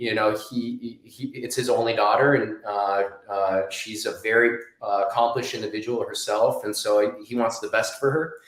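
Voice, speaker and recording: A man's voice: lowish voice, steady tone, normal speed, few pauses, fairly bright tone, reverberant, rough recording. A man in his thirties telling a personal story as an interview guest, rambling with many restarts and fillers.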